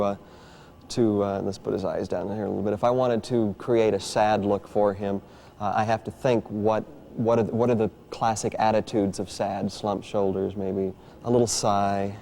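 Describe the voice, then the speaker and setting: A man's voice: on the low side, vocal fry, mellow, a little hiss or hum. A man, a ventriloquist, talking thoughtfully in a documentary interview with many restarts.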